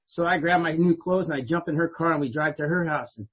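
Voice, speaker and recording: In lo-fi sound, a fast-talking middle-aged man with a husky, slightly high voice addresses an audience. He tells his life story as a personal speech, keeping it conversational and often tossing in "right?"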